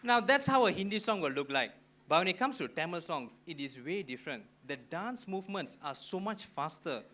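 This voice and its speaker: Bright young Malaysian comedian on stage. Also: male voice, a little high, brisk. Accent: Malaysian English. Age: young adult. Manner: animated, punchy storytelling. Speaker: stand-up comedian. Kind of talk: stand-up comedy routine. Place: auditorium stage before a live audience.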